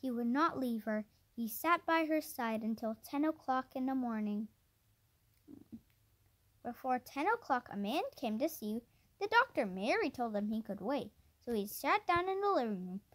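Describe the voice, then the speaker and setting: A woman with a high, lively voice reads a children's chapter book aloud. Her pitch rises and falls a lot, and she trips over a word now and then before going on. The pace stays plain and unhurried. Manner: plain read-aloud with small stumbles and restarts. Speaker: storybook reader.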